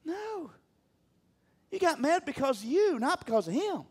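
A male preacher delivering a sermon with a high voice that swings widely in pitch. He talks emphatically and keeps calling on the congregation to answer him. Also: big pitch swings, a little fast. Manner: emphatic, calls on the congregation to respond.

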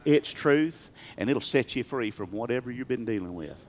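A male pastor preaching a sermon, emphatic, swinging from loud bursts to quiet talk. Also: medium pitch, lively intonation, normal speed.

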